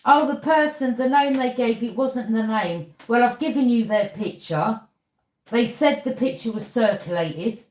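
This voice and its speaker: A woman's voice: fairly high pitch, expressive, a little slow, darkish tone, roomy sound. A woman tarot reader, delivering an accusing monologue to camera and throwing out "yeah?" as a challenge.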